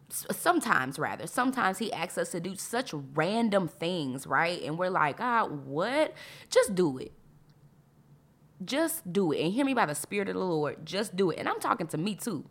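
A woman's voice: on the low side, a bit bright. A woman hosting a podcast who reads Bible passages aloud and explains them in a conversational, enthusiastic way, repeating phrases for emphasis. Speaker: podcast host. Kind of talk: devotional Bible teaching.

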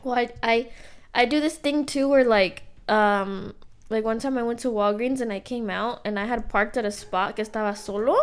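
A woman's voice: fairly high pitch, normal speed, clean tone. A young woman co-hosting a podcast, telling a story in casual chat, filled with "like" and the odd Spanish phrase. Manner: rambling anecdotes full of "like", slips into Spanish phrases. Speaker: podcast co-host.

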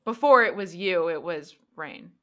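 A woman voicing a weary, regretful monster hunter who speaks in halting, hesitant confessions. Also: on the low side, expressive, a bit bright. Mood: wistful.

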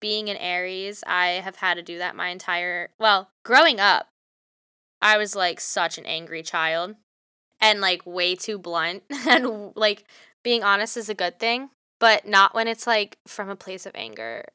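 A woman's voice: medium pitch, a little slow, bright, forceful tone, clear, resonant tone, no echo, clean studio sound. A young woman hosting a solo motivational podcast, talking bluntly and passionately and swearing freely. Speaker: podcast host.

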